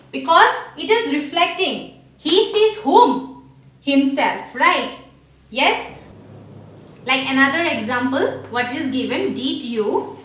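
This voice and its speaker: Slow, high-voiced woman teaching an online class. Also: a bit bright, slight background noise. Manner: slow, repetitive teaching with rhetorical "what?" questions. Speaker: school teacher. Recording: dull, roomy recording from a distance.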